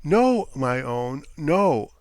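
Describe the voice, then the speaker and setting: A man's voice: on the high side, very animated, drawn-out words, dry recording, full character voice. A man reading an audiobook, voicing a timid, alarmed middle-aged mother who soothes and then breaks into tears. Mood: soothing. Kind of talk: audiobook character voice.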